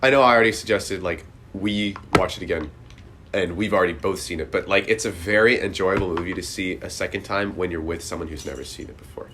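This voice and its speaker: A man's voice: sits low, quick pace, background noise. A young man hosting a casual movie podcast, rambling with many restarts. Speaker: podcast host. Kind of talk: casual chat.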